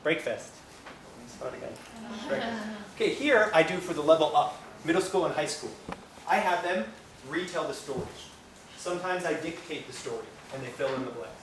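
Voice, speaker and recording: A higher-voiced man from America runs a teacher training, his pitch swinging up and down as he plays with voices. He sounds far from the mic in a very echoey room, and there is clear background noise. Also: normal speed. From United States. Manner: animated, playful, acts out silly reading voices. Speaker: English teacher giving a training.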